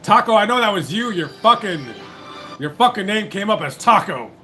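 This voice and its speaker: A man's voice: sits high, animated, moderate pace, bright, forceful tone, faint music behind, rough recording. A man hosting a live call-in stream, talking bluntly and cursing often. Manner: blunt, profane, impatient. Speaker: livestream host taking calls. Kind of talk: casual live call-in chat.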